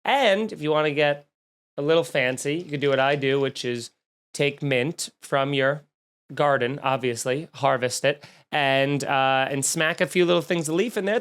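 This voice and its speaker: A man hosting a comedy podcast, telling stories in a snarky, rambling, animated way. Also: on the high side, moderate pace, clean tone. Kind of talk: casual comedic rant.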